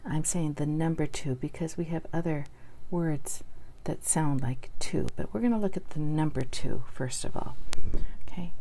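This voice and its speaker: A woman's voice: low-pitched, moderate pace, dark tone. A woman teaching a spelling lesson, patiently sounding out words letter by letter and asking the listener to repeat them.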